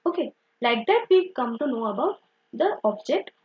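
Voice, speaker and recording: Young teacher lady, high bouncy voice, keeps saying okay, kinda muffled recording. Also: very animated, normal speed. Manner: repetitive, uses "okay" and "so" often, self-correcting. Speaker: English grammar teacher. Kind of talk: explanatory teaching. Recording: dull lo-fi recording.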